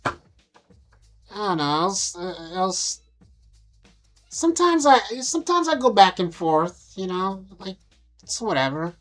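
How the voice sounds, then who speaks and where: Young woman, casual vlog, profane, self-amused, slow pace, faint music underneath. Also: medium pitch, sing-song, a bit bright. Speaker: vlogger. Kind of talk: casual vlog talk over photos.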